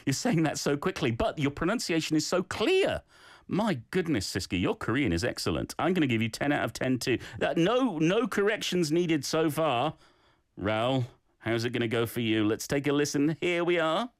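A man's voice: a little high, big pitch swings, moderate pace, no echo, clean studio sound. A man hosting a radio language segment, encouraging and playful as he gives feedback to listeners. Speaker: radio host.

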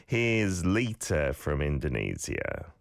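A middle-aged man with a very low voice that still swings widely in pitch, explaining pronunciation in a casual, chatty lesson. The sound is dry and close, with no room echo. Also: wildly swooping pitch, takes it slowly, creaky. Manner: chatty, explanatory, reads out viewer comments. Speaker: language teacher and host.

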